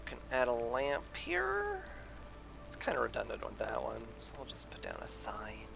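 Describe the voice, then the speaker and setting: A man's voice: mid-range voice, huge pitch swings, normal speed, creaky, over music. A man casually talking through a video game as he plays, musing aloud with playful asides.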